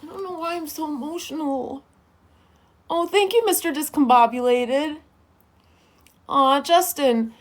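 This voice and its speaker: A woman's voice: high voice, a little slow, long pauses. A woman livestreamer in casual chat, greeting viewers by name and reading their comments aloud in a sweet, affectionate way.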